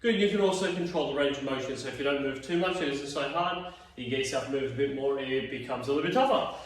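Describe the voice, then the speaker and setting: A man's voice: medium pitch, fast talker, slight background noise. A man leading a home exercise class, tired and yawning, chatty and encouraging as he counts reps. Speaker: fitness instructor. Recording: very echoey room, mic at a distance.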